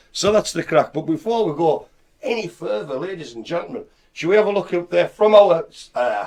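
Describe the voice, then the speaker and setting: A man's voice: fairly high pitch, darkish tone. A man hosting a live chat show, playful and rambling, full of jokes. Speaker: host. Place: indoors, studio at a community venue.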